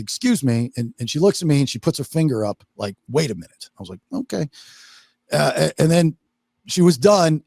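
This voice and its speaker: Gravelly, animated podcast host. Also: male voice, on the high side, dry recording, studio quality. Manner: animated storytelling, swearing, acts out quotes. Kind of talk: casual podcast chat.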